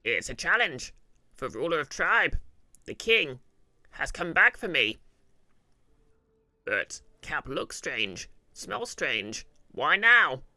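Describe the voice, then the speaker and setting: A man voicing an anxious male goblin chief in a video game, speaking in loud, halting broken grammar. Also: on the high side, big pitch swings, dry recording, full character voice. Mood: uneasy.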